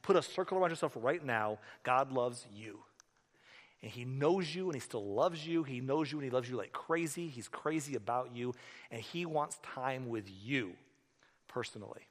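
A man, a pastor, preaching a sermon in a conversational, animated storytelling manner in a church hall. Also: mid-range voice, moderate pace. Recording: echoey hall.

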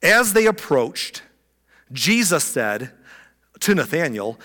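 A man preaching with a bright, fairly high voice that swings widely in pitch as he acts out the story. His sermon rings through a large hall with a long, trailing echo. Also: normal speed. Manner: animated storytelling, acting out the people in the story. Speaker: pastor.

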